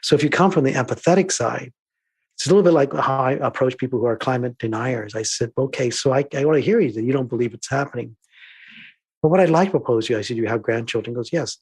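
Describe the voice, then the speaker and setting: A man's voice: medium pitch, fast, husky. A man, a diversity trainer, telling stories thoughtfully in an interview and acting out exchanges from his workshops. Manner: thoughtful, acts out dialogue, shifts between soft and emphatic. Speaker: diversity trainer and filmmaker, guest. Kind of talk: reflective storytelling interview.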